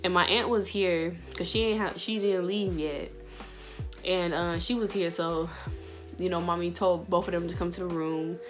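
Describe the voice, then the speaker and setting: Chatty young woman, low voice. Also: steady tone, normal speed, faint music behind. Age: young adult. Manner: chatty, slangy, many fillers. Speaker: vlogger. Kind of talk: casual storytelling vlog.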